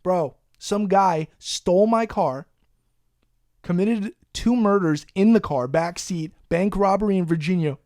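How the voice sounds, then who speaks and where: A man's voice: high-pitched, measured pace, darkish tone, dry recording, clean studio sound. Profane New guy telling a story. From Long Island, New York. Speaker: podcast host. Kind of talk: casual storytelling.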